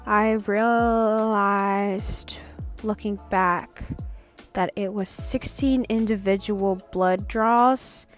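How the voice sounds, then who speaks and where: In a personal vlog, a young woman with a medium-pitched voice talks candidly about living with chronic illness. She speaks haltingly, using plenty of fillers and laughing softly.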